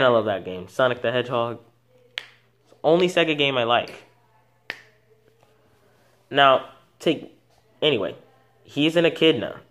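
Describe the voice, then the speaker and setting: An animal video channel host speaks in a somewhat high, slightly bright voice. He talks about animals casually and without a script, rambling and often starting over or correcting himself.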